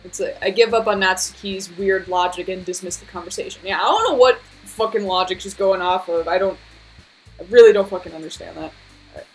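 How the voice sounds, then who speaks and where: A woman's voice: fairly low pitch, a little fast, slightly rough, faint music behind, rough recording. Swearing woman streamer reading a game. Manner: casual, swears freely, self-mocking asides. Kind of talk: reading a visual novel aloud on stream.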